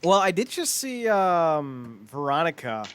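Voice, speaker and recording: Podcast co-host, male, slightly high voice, profane and animated storyteller. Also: measured pace, clean tone. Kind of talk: casual chat.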